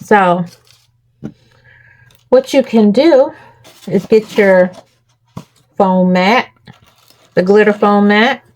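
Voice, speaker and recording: A woman's voice: medium pitch, extremely slow, pauses often, darkish tone. A woman hosting a crafting tutorial, walking viewers through each step and checking in with them often.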